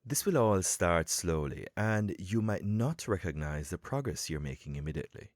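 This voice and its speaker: A man hosting a podcast lesson for English learners, explaining in a calm, measured way with emphatic pauses. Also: deep voice, no room sound, clean studio sound. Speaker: podcast host and English coach.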